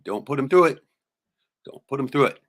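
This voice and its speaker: A man's voice: medium pitch, animated, brisk. A middle-aged man streaming live, swearing freely and rambling through stories while showing photos. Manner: profane, rambling storyteller with sudden loud jumps. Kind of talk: casual venting monologue showing photos.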